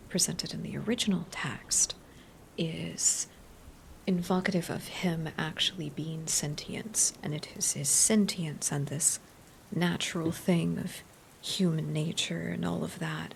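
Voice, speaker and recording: A woman streamer in a whispered ASMR chat, musing softly in rambling, nerdy tangents. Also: fairly low pitch, vocal fry, a little hiss or hum.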